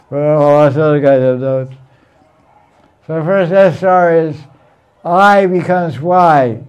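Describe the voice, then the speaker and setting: A man's voice: on the high side, a little mellow. Blunt, teasing male teacher, lo-fi recording. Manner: blunt, teasing, repeats himself. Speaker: Sanskrit teacher. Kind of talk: informal classroom lecture.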